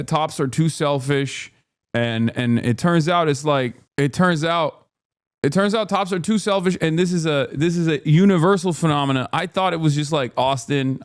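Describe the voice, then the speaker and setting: Guy streaming casual chat, kinda high voice, rambles and gets worked up, dead dry room. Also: clean tone, no room sound. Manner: rambling, animated, swings from mumbling to loud exasperation. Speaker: streamer host.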